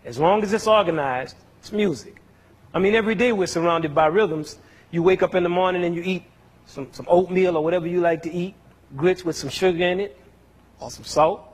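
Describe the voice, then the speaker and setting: A man's voice: high voice, fairly quick, breathy edge. A man explaining music to a young audience in an educational talk, teaching step by step and asking the audience questions as he goes.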